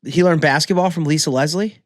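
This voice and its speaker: A man's voice: fairly high pitch, a little fast, no room sound. A young man co-hosting a podcast, telling stories in a laid-back way and laughing easily. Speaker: podcast co-host. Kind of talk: casual sports chat. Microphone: headphones with mic.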